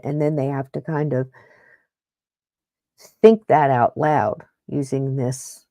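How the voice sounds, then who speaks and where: Middle-aged woman host, warm low voice, rambling chatty talk, dry close sound. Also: dry recording. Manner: rambling, chatty, self-interrupting. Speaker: podcast host. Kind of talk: casual paranormal podcast talk.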